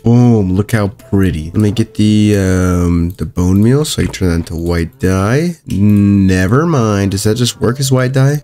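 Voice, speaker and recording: A young man giving casual, upbeat commentary while playing a video game, thinking aloud with quick exclamations. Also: fairly low pitch, darkish tone. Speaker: gaming YouTuber.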